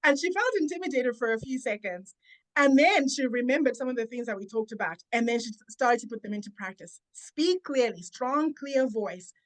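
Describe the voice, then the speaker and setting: Female speaking coach, podcast guest; slightly high pitch, deliberate, emphatic delivery. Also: animated. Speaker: confidence and public speaking coach. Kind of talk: guest giving advice in a podcast interview.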